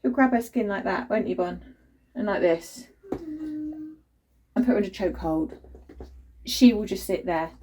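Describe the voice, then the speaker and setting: A woman's voice: mid-range voice, lively intonation, unhurried, pauses often, mellow, slight background noise, low-quality recording. A young woman vlogging into her phone at home, frank and tired, chatting about her family. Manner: frank, weary, chatty with sudden sing-song baby talk to her children and dog. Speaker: parent vlogger. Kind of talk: casual vlog chat. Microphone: phone camera.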